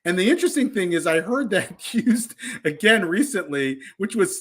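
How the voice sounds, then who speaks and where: A man's voice: high voice, very animated, normal speed, hardly any pauses, slightly rough. A man co-hosting a podcast, telling stories in a thoughtful, loose conversational way. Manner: thoughtful, loose storytelling with fillers. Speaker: podcast co-host.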